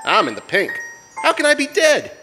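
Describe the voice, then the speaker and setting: A man's voice: extremely high pitch, wildly swooping pitch, moderate pace, music in the background, heavily acted. An actor playing a cocky young prize fighter who talks in tough-guy slang, in 1940s radio acting. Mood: indignant.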